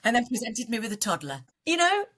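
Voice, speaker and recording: A middle-aged woman speaking candidly as a guest on a podcast, her voice leaping up and down as she tells her story. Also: a little fast. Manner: animated, voice jumping up and down in pitch. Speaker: guest coach.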